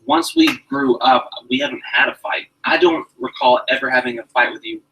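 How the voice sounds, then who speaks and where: Brief: lively, bright-voiced man co-hosting a casual cooking live stream, picked up from a distant mic. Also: medium pitch, moderate pace, a little hiss or hum. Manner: animated, laughs at himself, slips into voices. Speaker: co-host, reading viewer questions.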